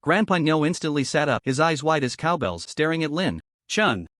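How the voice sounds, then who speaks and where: Animated man narrating a story. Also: a little high, moderate pace, dry recording, clean studio sound. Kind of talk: scripted narration.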